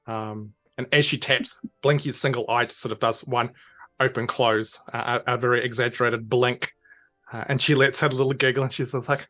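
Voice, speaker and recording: Female game master, animated narrator who slips in and out of character voices, light music bed. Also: rumbling low, a little fast.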